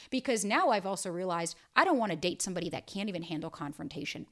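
A woman in her thirties hosting a casual solo podcast, talking bluntly and emphatically and swearing freely. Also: lowish voice. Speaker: podcast host and dating coach.

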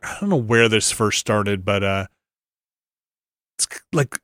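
A man's voice: lowish voice, lively intonation, unhurried, fairly bright tone, dry recording, clean studio sound. A middle-aged man co-hosting a podcast, chatting casually about video games and rambling through restarts and fillers. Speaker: podcast co-host.

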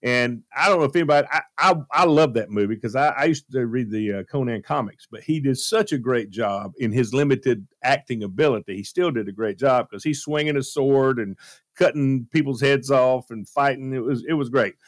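A male radio host telling a story in a casual, animated way, with plenty of fillers. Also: medium pitch, a little fast, no room sound, studio quality. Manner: lively, animated retelling with fillers.

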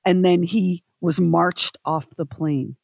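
A woman co-hosting a radio show, telling a story with lively quoted voices. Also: on the low side, slow, gravelly, no echo. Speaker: co-host. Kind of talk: casual chat.

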